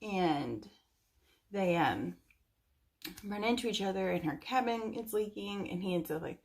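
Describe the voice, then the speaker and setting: A woman's voice: medium pitch, lively intonation, unhurried, vocal fry, a little mellow. A young woman chatting casually about books she recommends, rambling a little with lots of fillers. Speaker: book reviewer. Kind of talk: casual chat.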